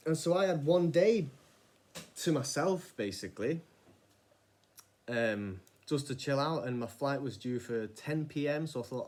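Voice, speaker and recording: A man, casually telling a personal story in a rambling, animated way, with frequent restarts and some swearing. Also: mid-range voice, normal speed. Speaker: vlogger.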